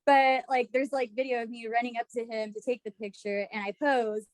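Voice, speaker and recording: A woman's voice: on the high side, flat delivery, a little fast, dry recording. A woman co-hosting a podcast in casual chat, telling stories, laughing often and acting out what she said back then. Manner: chatty storyteller, laughs often, acts out her own past lines. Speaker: podcast co-host.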